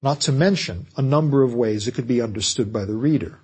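A man lectures on fiction writing in a measured, explanatory way. His voice has a husky, slightly breathy edge, and his pitch sits in an ordinary middle range for a man. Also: darkish tone. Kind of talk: scripted lecture.

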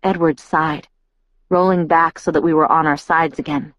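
A woman narrating a first-person audiobook in an intimate, breathy storytelling manner. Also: sits low, fairly even intonation, normal speed, a bit bright, dry recording, highs cut off.

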